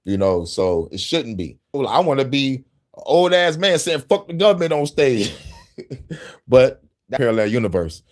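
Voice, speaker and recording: A man hosts a loose, casual podcast chat, his voice sitting at an ordinary middle pitch. He swears freely, brags a little, and laughs often as he talks. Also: big pitch swings, measured pace. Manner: profane, boastful, laughs often. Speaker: host.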